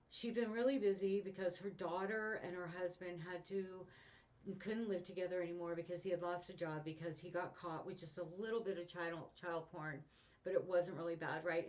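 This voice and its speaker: A woman's voice: lowish voice, a little mellow. A woman in her fifties venting in a rambling, frustrated way, swearing often, with her mic set far away. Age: 50s. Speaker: vlogger. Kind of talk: casual venting monologue.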